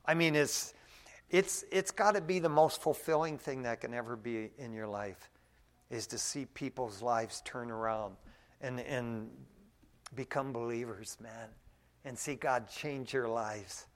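A male preacher giving a casual, folksy sermon, often dropping in "man" and swinging from quiet to loud. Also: medium pitch, a little slow. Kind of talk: conversational sermon.

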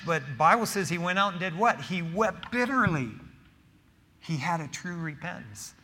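A man delivers a sermon in a bright, forceful voice with a slightly raised pitch, talking to the congregation like a friend and tossing in "man" and "you know". His words ring out with a long hall reverb, as in a church sanctuary. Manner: acts out quoted lines in a street voice. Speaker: pastor.

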